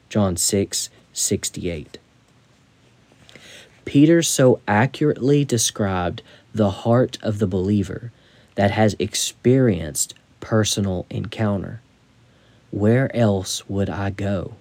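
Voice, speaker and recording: Slow, mellow-voiced man reading devotionally. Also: fairly low pitch, no room sound. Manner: slow, measured, deliberate reading. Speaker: author reading his own book.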